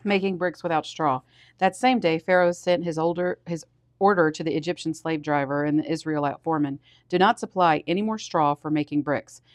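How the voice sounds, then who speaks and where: A man, a pastor, reading scripture aloud steadily with small restarts, and getting louder on the commands. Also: on the high side, steady tone, a little fast, no room sound.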